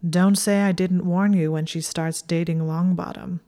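A woman's voice: lowish voice, fairly even intonation, moderate pace, dark tone, natural voice. A woman voicing an aloof teenage boy wizard with a dry, exasperated manner, in an audiobook reading.

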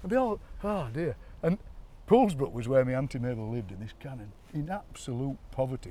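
A man's voice: medium pitch, far from the mic, slight background noise. Chatty Yorkshire man outdoors. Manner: animated storyteller, mimics accents, laughs often. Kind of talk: chatty outdoor walk-and-talk. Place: outdoors by a graveyard.

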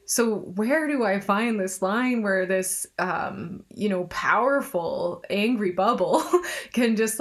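A woman speaking earnestly and reflectively in a casual conversation, speeding up when she gets passionate. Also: mid-range voice. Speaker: podcast co-host.

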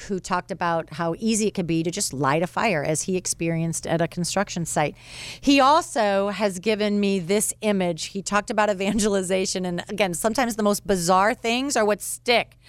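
A woman's voice: medium pitch, fairly bright tone, no room sound. Emphatic woman sharing encouragement. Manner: emphatic storyteller. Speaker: radio show contributor. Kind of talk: inspirational radio segment.

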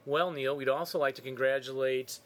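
A man's voice: mid-range voice, fairly even intonation, a little fast, fairly bright tone. A man co-hosting a podcast, reading listener mail in a casual chat with dry, teasing humor. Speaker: podcast co-host.

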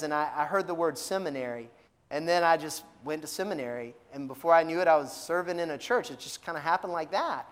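A male pastor with a fairly high voice and a quick pace preaches a conversational sermon, posing lots of questions and frequently repeating words. The long reverb of a large hall surrounds him.

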